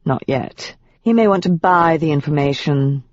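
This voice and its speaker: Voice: medium pitch, normal speed, no echo, natural voice. A narrator putting on a sly British demon. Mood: menacing, sly. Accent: British (put on). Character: suave shape-shifting demon with a proper British accent. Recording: dull, dry audiobook recording.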